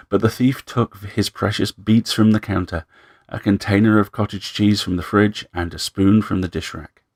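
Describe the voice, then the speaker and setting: Male narrator, very low and gravelly, measured story reading. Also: no room sound, clean studio sound.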